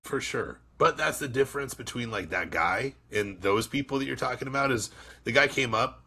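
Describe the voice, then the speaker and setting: A man co-hosting a podcast in casual chat, emphatic and swearing casually, answering with quick short agreements. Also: medium pitch, animated, creaky, pushed and bright. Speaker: podcast co-host.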